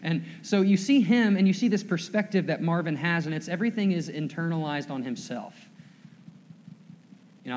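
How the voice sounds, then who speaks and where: Chatty pastor preaching in a big hall. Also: male voice, on the high side, normal speed, darkish tone. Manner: conversational, self-deprecating, repeats words. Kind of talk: sermon. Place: church sanctuary. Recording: long reverb of a large hall.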